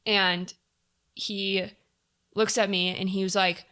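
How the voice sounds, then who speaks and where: A woman's voice: mid-range voice, little pitch movement, slow pace, bright, forceful tone. A young woman telling a personal story on a podcast in a candid, casual way, full of fillers and blunt swearing. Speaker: podcast guest.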